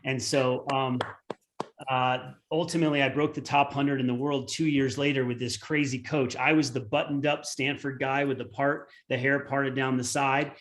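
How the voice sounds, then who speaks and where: A man's voice: mid-range voice, level tone, normal speed. A man in his forties, a former pro turned tennis coach, telling a long story in a webinar with many fillers. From United States. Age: 40s.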